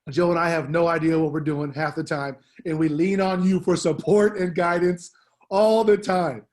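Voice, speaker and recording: Over the school announcements, a middle-aged assistant principal who is leaving says an upbeat, heartfelt goodbye, full of slang and filler words. His voice leans high.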